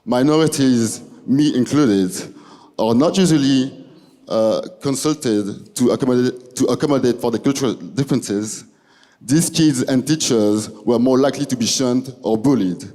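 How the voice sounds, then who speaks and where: A young man from Belgium with a French accent, a student giving a halting presentation speech in a large hall. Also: medium pitch, warm tone. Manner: halting, restarting phrases. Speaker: student speaker. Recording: long hall reverb.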